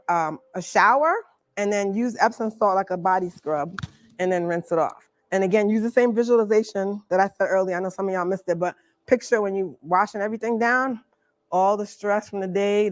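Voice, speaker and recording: Teaching Reiki in a library workshop room, this Bronx, New York woman keeps things playful and chatty, laughing frequently during the live demonstration. She speaks fairly quickly at medium pitch, with no echo.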